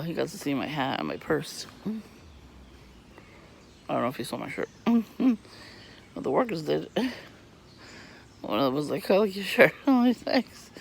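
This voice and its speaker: Gravelly, cursing man with a cough. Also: mid-range voice, a little hiss or hum. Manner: profane, irritated and rambling, laughs often. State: coughing and throat-clearing from asthma. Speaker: vlogger. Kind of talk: rambling casual monologue. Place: outdoors on a residential street.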